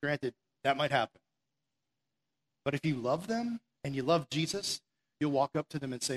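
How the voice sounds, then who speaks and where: A male preacher with a fairly high voice gives a fired-up sermon from a stage. He talks in a loose, conversational way, firing rhetorical questions at the listeners. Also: moderate pace, pauses often. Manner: energetic and conversational, with lots of "like". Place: stage before an audience.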